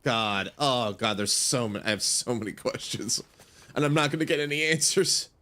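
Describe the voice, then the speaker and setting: A young man streaming a game for the first time, talking in a drowsy, rambling way with lots of fillers. His voice sits at an ordinary middle pitch. The delivery stays loose and relaxed. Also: moderate pace. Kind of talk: casual let's-play commentary.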